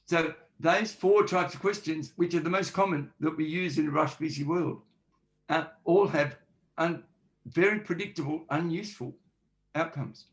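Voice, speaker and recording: A man's voice: on the high side, moderate pace. A man speaking as a forensic linguist in a podcast interview, explaining point by point and acting out example questions. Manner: explanatory, lists examples and acts out sample questions.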